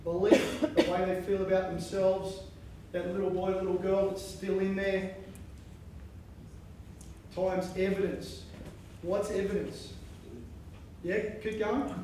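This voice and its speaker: A man giving a lively conference keynote on coaching, chanting lines and acting out inner voices. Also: high-pitched, slow, pauses often, a little hiss or hum. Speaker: keynote speaker. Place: large conference hall. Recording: echoey hall from far off.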